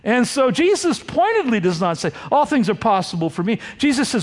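A man's voice: sits high, moderate pace. A man preaching a sermon, teaching verse by verse and acting out the quoted lines. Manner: animated, acts out the quoted lines. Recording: long hall reverb.

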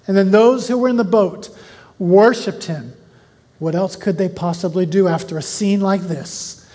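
Bible teacher reading verses aloud; measured reading, casual asides, questions to the class, long hall reverb. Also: mid-range voice, mellow. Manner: reads verses slowly, then explains in a chatty way with questions to listeners.

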